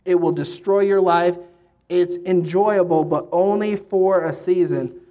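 A man preaching a sermon in an earnest, halting way, with many fillers and restarts. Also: fairly high pitch.

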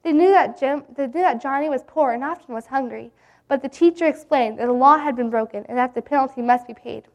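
A woman reading a Bible story aloud in an earnest, gentle way. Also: sits high, brisk.

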